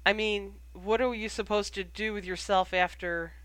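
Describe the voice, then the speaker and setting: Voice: mid-range voice, steady tone, normal speed, fairly bright tone, no echo, voice pushed up, lightly acted. An audiobook reader voicing a cheeky, mischievous teenage boy who teases. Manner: teasing. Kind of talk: audiobook character voice.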